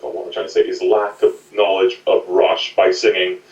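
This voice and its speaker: Brief: low-voiced male podcast co-host, giggly rambling storyteller, echoey room, set back from the mic. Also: little pitch movement, moderate pace, lo-fi sound. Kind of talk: comedic storytelling chat. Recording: roomy, distant home mic.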